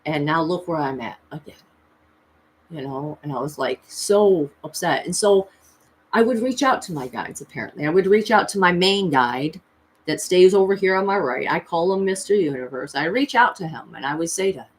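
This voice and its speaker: A woman in her thirties telling a personal story in a confessional vlog, emotional and earnest, with pitch jumping high as she recalls pleading. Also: expressive, moderate pace, slight background noise. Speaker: tarot reader and vlogger.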